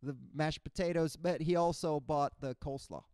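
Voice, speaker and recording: Young man from Cuba, stand-up comic, clean crisp voice, dry close sound, slightly high, bursts into squeaky character voices. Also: normal speed, no room sound. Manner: animated, jumps into high-pitched character voices and impressions. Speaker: stand-up comedian. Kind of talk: stand-up comedy set. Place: comedy stage before a live audience.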